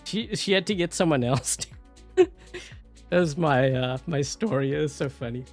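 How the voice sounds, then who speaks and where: A man's voice: a little high, expressive, normal speed, a little mellow, soft background music. A man with a South African accent giving rambling, casual gameplay commentary, full of fillers and laughing often. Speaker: gameplay YouTuber.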